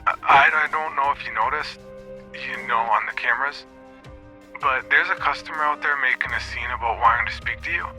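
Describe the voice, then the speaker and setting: A man's voice: medium pitch, brisk, pushed and bright, soft background music, voice pushed up. A man voicing a nervous male shop clerk, speaking shakily and stammering over a radio to his boss. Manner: shaky, hesitant, stammering. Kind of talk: first-person horror story narration.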